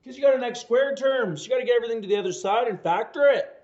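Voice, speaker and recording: A man's voice: very high voice, racing, a little mellow. A man teaching a math homework lesson, walking through problems step by step, quizzing the listener and adding playful jokes. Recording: echoey, dull lo-fi recording.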